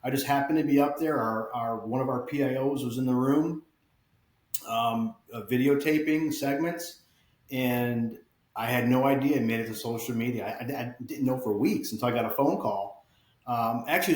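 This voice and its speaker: A middle-aged man with an upstate New York accent, a fire chief guest talking in a relaxed, plain-spoken way. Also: mid-range voice, roomy sound. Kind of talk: casual interview chat.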